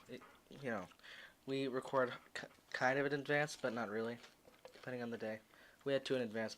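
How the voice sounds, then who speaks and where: A man's voice: mid-range voice, fairly bright tone, slight background noise. A young man co-hosting a casual podcast, joking, swearing freely and laughing often. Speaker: podcast co-host. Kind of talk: casual chat.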